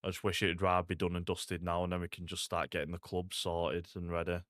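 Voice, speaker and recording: Young man, very low voice, dry close sound, laid-back gaming chatter. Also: monotone, a little fast, fairly bright tone, no echo. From Salford, England. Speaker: streamer. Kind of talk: casual gaming stream chat.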